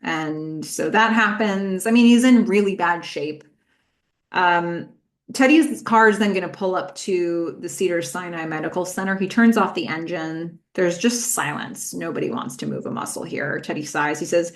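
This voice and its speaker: Woman podcast host, kinda low voice, chatty recap, lots of ums. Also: animated, normal speed. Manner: conversational, recounting scenes with filler words.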